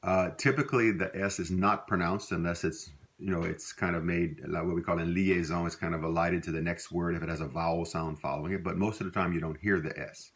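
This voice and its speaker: Middle-aged Louisiana man, very low voice, relaxed teacher, rambling with fillers. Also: fairly quick, few pauses. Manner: relaxed, rambling, with many fillers and self-corrections. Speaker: language teacher. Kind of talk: casual spoken lesson.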